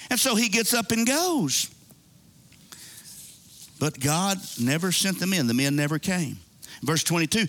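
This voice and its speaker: A man preaching a sermon, reading scripture and retelling it with animated asides and character voices. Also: high voice, moderate pace. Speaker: pastor.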